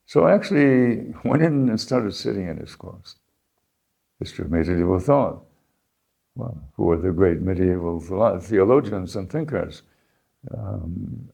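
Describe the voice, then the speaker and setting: An older American man telling his life story in an unhurried, reflective way, pausing and restarting as he remembers. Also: fairly low pitch, gravelly, mellow, breathy edge. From United States. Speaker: interviewee, founding principal.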